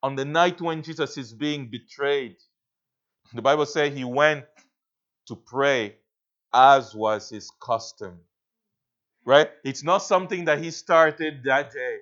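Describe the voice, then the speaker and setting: A man's voice: on the high side, takes it slowly, long pauses, a bit bright. A man preaching a sermon as a pastor, earnest and emphatic, often restarting his phrases and checking in with the listeners. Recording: dull lo-fi recording.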